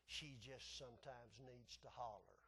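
A man preaching a folksy sermon, chuckling at his own stories and swinging from soft asides to hollering. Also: medium pitch, unhurried, creaky, husky.

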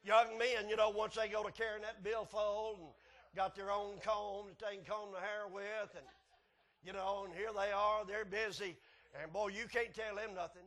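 A man preaching a folksy sermon, chuckling at his own stories and swinging from soft asides to hollering. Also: high-pitched.

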